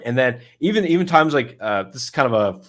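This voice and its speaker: A man's voice: mid-range voice, sing-song, brisk, fairly bright tone. Male dating coach, casual explainer, mid-range voice, chatty and loose, restarts a lot. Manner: loose and conversational, many fillers and restarts, acts out his own inner thoughts.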